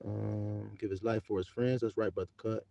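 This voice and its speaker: A man preaching a livestreamed sermon in a folksy, animated way, calling on his listeners and laughing often. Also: fairly low pitch, moderate pace, vocal fry, no echo.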